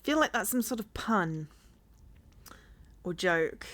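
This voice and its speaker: Lower-pitched woman streaming a game. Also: very animated, unhurried, pauses often, fairly bright tone. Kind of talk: casual game commentary.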